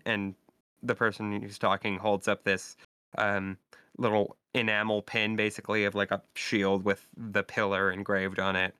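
A man narrating as the game master of a tabletop game who talks haltingly, with lots of fillers. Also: lowish voice, flat delivery, bright, forceful tone, smooth, no echo, studio quality.

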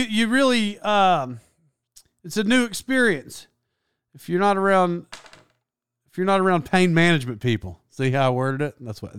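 A man's voice: mid-range voice, a bit bright, smooth, dry recording, clean studio sound. A man hosting a podcast, telling comic stories in an exasperated, rambling way that keeps interrupting itself. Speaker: podcast host. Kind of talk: comedic storytelling monologue.

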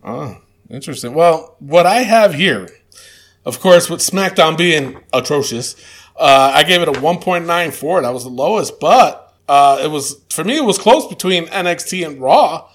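A man's voice: fairly high pitch, expressive, normal speed. A man co-hosting a casual chat show, talking hesitantly with lots of fillers and dry verdicts. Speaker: podcast co-host.

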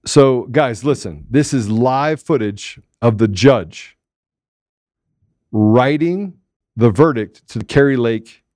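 A man hosting a casual talk show, excitable and joking, laughing often as he gives play-by-play commentary. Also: mid-range voice, no echo, studio quality. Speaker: show host. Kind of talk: casual political chat.

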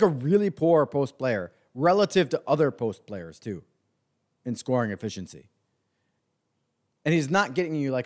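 A man hosting a sports podcast launches into a ranting monologue, sarcastic and profane and full of fillers. His voice is a little mellow, and its pitch swings widely as he works himself up.

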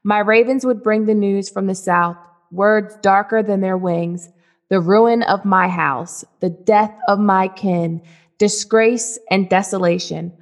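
A woman reading the lines of an ancient, blind male scholar who is weary and grieving, in a slow, sorrowful way. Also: medium pitch.

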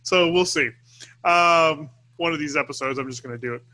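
A man's voice: on the high side, normal speed, pushed and bright. A man co-hosting a podcast, chatting casually and making joking asides. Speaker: podcast co-host. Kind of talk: casual chat.

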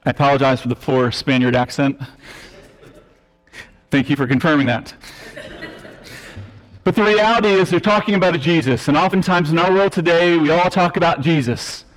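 A man's voice: fairly high pitch, moderate pace, pauses often. A male preacher delivering a teaching sermon, emphatic and explanatory, with self-deprecating asides. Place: church sanctuary. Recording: long reverb of a church hall.

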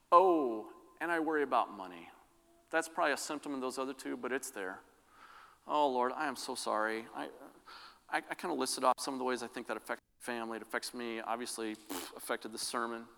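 A man's voice: medium pitch, fairly bright tone. A man preaching a sermon, telling personal stories earnestly and often restarting his sentences. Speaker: pastor. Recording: long reverb of a large hall.

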